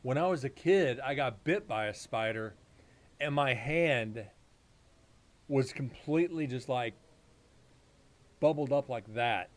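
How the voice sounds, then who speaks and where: A man's voice: medium pitch, expressive, slow pace, long pauses. A man hosting a live paranormal stream, telling rambling, profane stories in casual chat.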